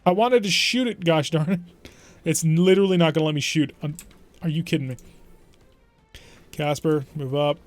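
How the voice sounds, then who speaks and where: A man's voice: on the high side, moderate pace, pauses often, no room sound, soft background music. A young adult man streaming a mech strategy game, giving chatty, wry, mock-exasperated play-by-play commentary. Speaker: gaming streamer. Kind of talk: let's play gameplay commentary.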